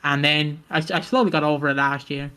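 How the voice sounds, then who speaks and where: Bright-voiced young man, joking. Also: on the high side, fairly even intonation, brisk, smooth. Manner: swears freely and jokes darkly. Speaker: podcast co-host. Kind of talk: casual chat.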